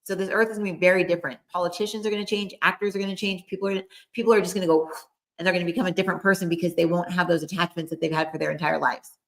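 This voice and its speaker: Middle-aged woman co-host, loose chatty medium, rambles with fillers, voice sits a touch low. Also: steady tone, rapid-fire. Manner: rambling, filler-heavy, relays spirit quotes. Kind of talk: casual chat, channeling messages.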